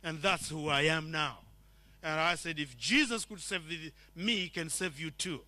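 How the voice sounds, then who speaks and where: A man's voice: on the high side, normal speed, sharp tone, dry recording. A man from Zimbabwe giving an earnest testimony sermon in a church, telling his story and acting out the dialogue.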